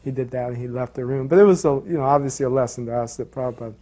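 Dark-voiced man telling a story. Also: mid-range voice, rapid-fire. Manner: rambling, many "you know"s and restarts. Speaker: interviewee recalling his guru. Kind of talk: casual storytelling.

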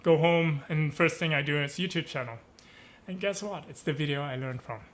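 A man's voice: fairly high pitch, fairly quick. A young man from Germany, a guest in a casual interview, telling stories animatedly. He acts out quoted dialogue and keeps adding "you know" and "right". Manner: animated storyteller who acts out quoted dialogue with lively voice shifts. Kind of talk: casual storytelling conversation.

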